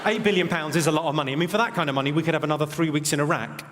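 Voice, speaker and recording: Posh English man telling deadpan one-liners. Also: a little high, very fast, heavy background noise. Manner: deadpan one-liners, dry wry delivery. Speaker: stand-up comedian. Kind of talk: stand-up routine. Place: large theatre stage. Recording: reverberant theatre, loud crowd.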